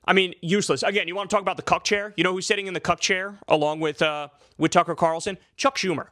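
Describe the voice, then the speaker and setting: In a political commentary vlog, a man with a high, fast, sharp voice of steady tone rants heatedly, profane and sarcastic, filling his speech with "like." The studio-quality recording has no room sound.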